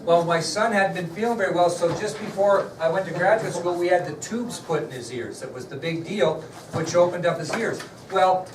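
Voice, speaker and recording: A middle-aged man teaching a class, chatting directly with his students as he recounts a story. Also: on the high side. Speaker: history teacher. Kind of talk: classroom lecture with a personal story. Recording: echoey classroom from far off, noisy.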